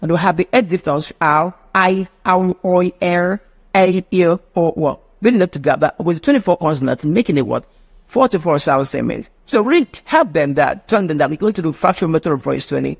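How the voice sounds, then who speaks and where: A man's voice: on the high side, fast, gravelly, slightly rough. A man teaching a live online phonetics class, often asking rhetorical questions. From Nigeria. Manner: animated, mimics children's voices, asks rhetorical questions.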